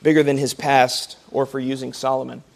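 A man teaching a Sunday school Bible class, often checking in with the group with "okay?" and "right?" and clearing his throat now and then. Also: medium pitch, flat delivery, brisk.

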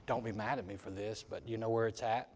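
A middle-aged man preaching a sermon in a church, telling folksy stories and building to loud exhortation. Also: lowish voice, steady tone, fast. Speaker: preacher and ministry leader. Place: church sanctuary.

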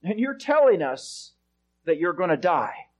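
A man's voice: high voice, big pitch swings, a little slow, pitched below the performer's own voice, full character voice. A man voicing an exasperated male disciple who protests against his teacher. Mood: pleading. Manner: incredulous, protesting.

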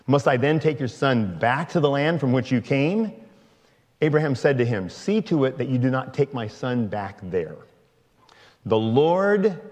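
A man reading a long scripture passage aloud in a slow, measured way. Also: mid-range voice, darkish tone, in a large hall. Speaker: scripture reader.

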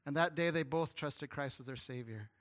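A man delivers a storytelling sermon in a bright, forceful voice that sits a little high for a man. He speaks earnestly and stumbles over repeated words now and then. His delivery turns hushed and tender at the emotional points. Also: moderate pace. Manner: earnest, animated storytelling with stammered restarts. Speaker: guest pastor.

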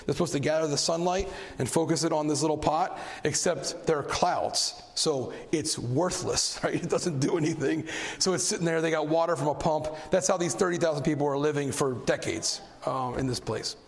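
A man preaching in a church with a fairly high, gravelly voice. He tells his story with animated energy, his voice climbing when excited. The sound rings with a long hall reverb. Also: normal speed. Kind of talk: sermon with storytelling.

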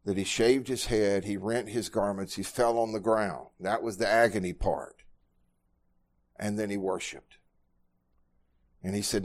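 A man, preaching a sermon at a Bible study, telling personal stories earnestly and moving from quiet, low passages to loud, raised ones. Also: fairly even intonation, a little slow, long pauses. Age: 60s. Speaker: pastor.

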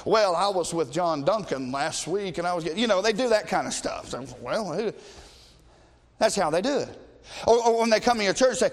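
A man preaching a sermon as pastor, impassioned and rising to shouts. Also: high voice, animated, moderate pace, big-room sound.

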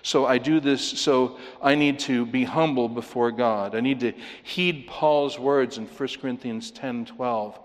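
A man preaching a sermon in an earnest manner, slowing down to read scripture and rising to emphatic stresses. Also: mid-range voice, in a large hall.

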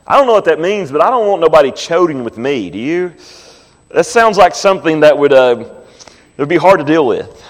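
A male pastor preaching a sermon, reading scripture slowly and asking the congregation questions. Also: on the high side. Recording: long hall reverb.

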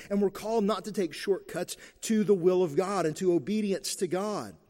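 A man's voice: sits high, dark tone, long reverb tail. A man preaching a sermon, emphatic and repeating his key phrases.

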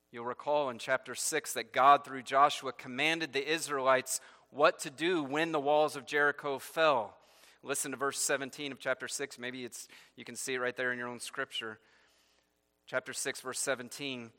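Bright-voiced male preacher in a reverberant hall. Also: medium pitch, fairly even intonation, normal speed. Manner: expository preaching, reads scripture aloud, asks rhetorical questions. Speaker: pastor. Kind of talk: sermon.

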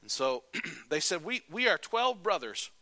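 Preacher guy acting out a bible story, bright voice, dry close mic. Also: a little high, a little slow, no room sound. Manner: animated storytelling, acting out the characters' lines. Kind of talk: sermon retelling a Bible story.

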